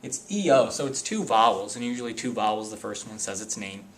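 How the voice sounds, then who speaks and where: A man's voice: fairly low pitch, animated, a little fast, a bit bright. A man teaching a spelling lesson, explaining carefully and reading word lists one word at a time.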